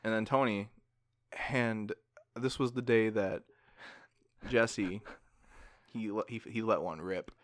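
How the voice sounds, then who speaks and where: A man in his twenties on a casual podcast, telling animated stories with plenty of casual swearing. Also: on the low side, takes it slowly, pauses often, no echo, clean studio sound. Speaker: podcast co-host.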